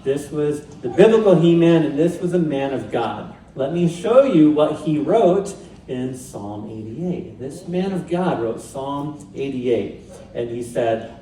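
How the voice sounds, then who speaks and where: A man's voice: on the high side, animated, slow pace, mellow. A male pastor preaching a sermon in a conversational way with light humor. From Pacific Northwest, USA. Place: church sanctuary. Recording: roomy church sound from a distant mic.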